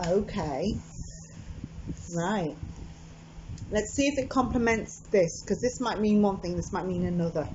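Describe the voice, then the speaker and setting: A woman's voice: medium pitch, unhurried, long pauses, dull audio, background noise. A middle-aged woman from the UK giving a casual, chatty pick-a-card tarot reading at home, giggling and repeating herself. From United Kingdom. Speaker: tarot reader. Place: warm room at home with a fan running.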